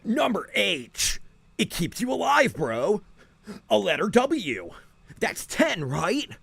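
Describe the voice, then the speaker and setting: A man voicing a dimwitted young male YouTuber bro in a loud, shouting hype-man delivery, as a mocking parody. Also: high voice, very animated, takes it slowly, vocal fry, slightly rough, no echo, pitched above the performer's own voice, exaggerated voice. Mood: hyped.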